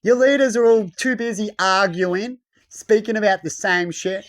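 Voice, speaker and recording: A man in a casual rambling rant. He swears often and acts out the voices he quotes, often loudly. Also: sits high, moderate pace.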